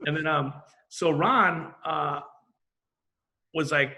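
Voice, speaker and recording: A man's voice: a little high, takes it slowly, pauses often. A middle-aged man, a graffiti artist guest on a podcast, telling stories in casual, profane chat and acting out the back-and-forth of conversations. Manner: animated, acts out quoted exchanges, swears casually.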